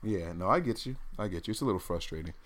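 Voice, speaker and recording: A man's voice: low voice, lively intonation, quick pace, fairly bright tone. A man in his thirties telling stories animatedly in a casual podcast chat, laughing often. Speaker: podcast co-host.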